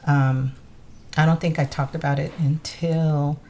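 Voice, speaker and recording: A woman's voice: sits low, steady tone, a little slow, a little mellow. A woman, a longtime teacher, chatting as a podcast guest and animatedly telling stories, acting out the voices of people she quotes. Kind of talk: casual interview chat.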